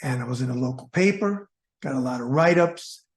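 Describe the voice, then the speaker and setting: A man's voice: mid-range voice, expressive, a little fast. Man, from south florida, ex-boxer host, personal storytelling, folksy, heartfelt, talks to viewers.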